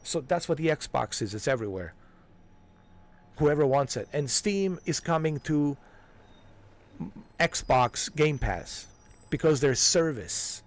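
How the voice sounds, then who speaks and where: A man's voice: on the high side, expressive, slow. Profane, ranting male game streamer. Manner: heated, profane, emphatic, repeats "man" and "dude". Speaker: livestream gamer. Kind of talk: casual ranting livestream chat.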